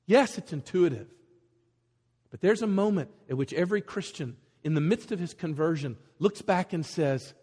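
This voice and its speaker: A man delivers a sermon in a large church sanctuary, his husky voice ringing with a long reverb. He sits high for a man and swings his pitch widely, bringing the story to life with animated storytelling. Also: moderate pace. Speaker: preacher.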